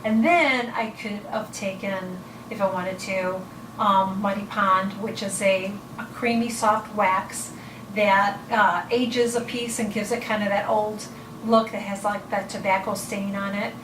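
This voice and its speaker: A woman's voice: medium pitch, fairly even intonation, a little slow, roomy sound, recorded from a distance, noisy background. A woman casually explaining how to accent painted furniture, rambling with fillers and correcting herself as she shows pieces at home. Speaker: home decorating vlogger.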